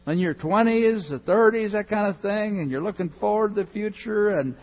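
A male pastor giving a sermon, swinging between loud emphasis and soft, hushed reading. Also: sits high, moderate pace, muffled recording.

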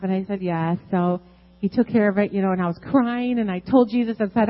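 Earnest woman giving a halting church testimony. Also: mid-range voice, dull audio. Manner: halting, many ums, emotional and earnest. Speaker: church member sharing a testimony. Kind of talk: unscripted testimony. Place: church service.

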